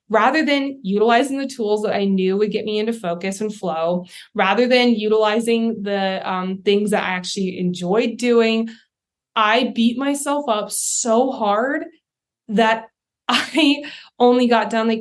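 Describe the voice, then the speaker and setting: Young woman, solo podcast host, candid and chatty, mid-pitch voice. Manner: chatty and candid, acts out her own thoughts in quoted asides. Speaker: podcast host, life coach. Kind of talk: casual solo podcast talk.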